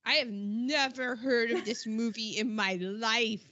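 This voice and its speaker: A woman co-hosting a casual movie podcast. She reacts with animated exclamations. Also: on the high side, measured pace, lo-fi sound, heavy background noise. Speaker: podcast co-host.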